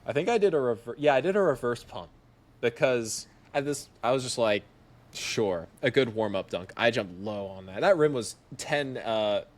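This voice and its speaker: A young man on a podcast as a guest tells a tale in an informal, animated fashion, laughing often and voicing the people in it. His voice is mid-range and his speed normal.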